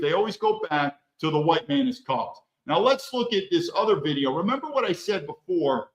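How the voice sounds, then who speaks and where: A man hosting his own commentary show, speaking in a high, very animated voice that swoops widely as he pushes his points. His delivery is blunt and emphatic, with casual profanity. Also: moderate pace, hardly any pauses. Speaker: host. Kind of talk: political commentary monologue.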